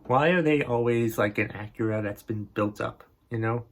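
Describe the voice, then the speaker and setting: A grumpy podcast host from northern New England delivers a comedic rant, exasperated and profane. His voice is mid-range and his pace moderate.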